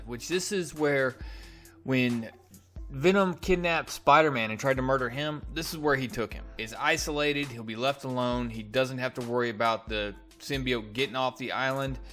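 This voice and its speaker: Animated male comic reviewer. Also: mid-range voice. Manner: animated storytelling with restarts. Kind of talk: casual comic recap and review.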